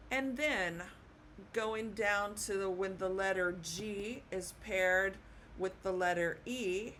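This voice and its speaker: A woman explains pronunciation rules at an unhurried, deliberate pace in an even, mid-range voice. She repeats each word carefully and keeps checking in with a gentle "okay?". A faint noise sits under the recording. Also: mid-range voice. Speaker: Spanish teacher. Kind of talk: slow, patient classroom explanation.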